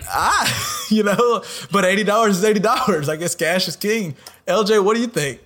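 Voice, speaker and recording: A man's voice: high-pitched, moderate pace, fairly bright tone. A man co-hosting a casual podcast, joking and laughing often and repeating words as he talks. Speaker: podcast co-host.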